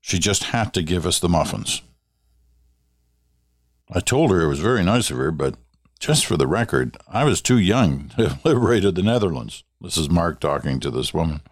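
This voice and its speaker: Older canadian guy on the radio, real low voice, dry close sound, just telling stories. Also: big pitch swings, moderate pace, no echo. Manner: warm storytelling, reads listener letters aloud. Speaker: radio host. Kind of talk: casual talk radio monologue.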